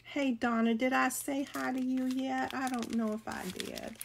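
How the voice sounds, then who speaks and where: A woman's voice: sits high, little pitch movement, moderate pace, creaky, a little hiss or hum. A middle-aged woman, chatting casually with viewers as she shows off a craft haul, gushing and greeting people by name. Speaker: crafting video host.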